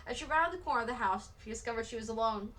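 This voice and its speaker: A woman reading a children's novel aloud at a steady storybook pace. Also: on the high side, rapid-fire, rough recording. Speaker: read-aloud narrator.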